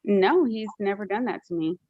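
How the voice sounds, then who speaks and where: A woman's voice: mid-range voice, expressive, normal speed, dry recording, phone-quality sound. Hesitant woman testifying in court. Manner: hesitant, many fillers. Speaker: witness, respondent mother.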